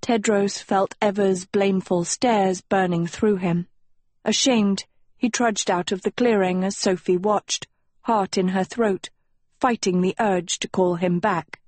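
Slow, husky woman narrating. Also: mid-range voice, steady tone, a little mellow, dry recording. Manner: slow, measured storytelling. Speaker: audiobook narrator. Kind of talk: scripted narration.

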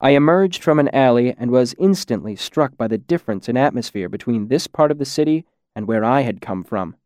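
A man reading a first-person story aloud in a measured way, dropping quieter on the darker lines. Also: mid-range voice, expressive, no room sound, studio quality. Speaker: audiobook narrator. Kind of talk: scripted first-person narration.

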